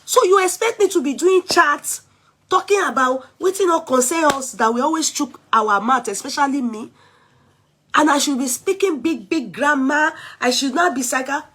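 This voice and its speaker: A woman's voice: sits high, moderate pace, fairly bright tone. A woman from Nigeria with a Nigerian English accent, chatting casually on her vlog and mixing in Yoruba and pidgin. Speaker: vlogger. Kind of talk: casual chat.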